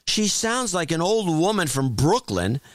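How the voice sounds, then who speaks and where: A man's voice: fairly high pitch, sing-song, no echo. Blunt, wry male talk host, dry sound. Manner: blunt, wry, halting with restarts. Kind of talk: casual opinionated chat.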